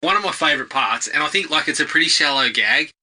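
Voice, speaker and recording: A man's voice: a little high, animated, quick pace, bright, forceful tone. A man, co-hosting a casual film review podcast and laughing as he retells scenes. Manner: laughs often while quoting scenes in put-on voices. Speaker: podcast co-host.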